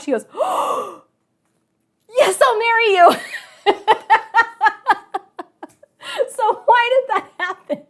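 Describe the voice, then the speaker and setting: A woman teaching a live online math class, chatty and telling a story, often asking the kids questions. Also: high voice.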